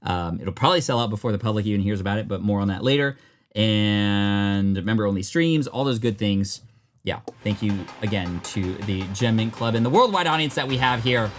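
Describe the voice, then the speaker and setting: A man's voice: fairly low pitch, brisk. Chatty man live-streaming. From United States. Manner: upbeat, chatty, reads chat aloud. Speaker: streamer opening card packs. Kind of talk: casual live-stream chat.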